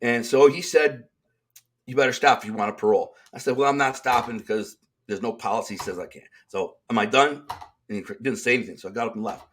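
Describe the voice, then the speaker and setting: A streetwise Detroit, Michigan man, an author appearing as an interview guest, tells prison stories in a casual interview. He talks fast in a mid-range voice, animated and acting out quoted dialogue, with slight background noise.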